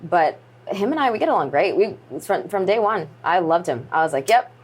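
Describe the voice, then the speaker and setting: Brief: woman in her 20s, low voice, earnest and halting, subdued guest in a sit-down interview. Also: animated, slightly rough. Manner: earnest, halting storytelling with restarts. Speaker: interview guest, pro wrestler.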